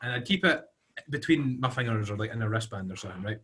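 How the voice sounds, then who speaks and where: Bright, lively man. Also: mid-range voice, quick pace, slightly rough. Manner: playful, sweary storyteller. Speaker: podcast co-host. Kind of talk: casual chat.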